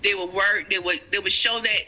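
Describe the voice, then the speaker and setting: A woman's voice: mid-range voice, fairly even intonation, brisk, bright, forceful tone, soft background music, poor audio. A woman telling her personal story in conversation, often checking "you get what I'm saying". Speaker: guest sharing her life story.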